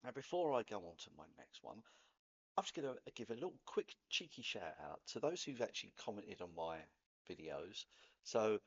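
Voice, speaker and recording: Chatty Cockney man, lively, husky. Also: fairly low pitch, normal speed, dull audio. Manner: chatty, rambling, laughs at himself. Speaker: vlogger. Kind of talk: casual spoken talk to camera.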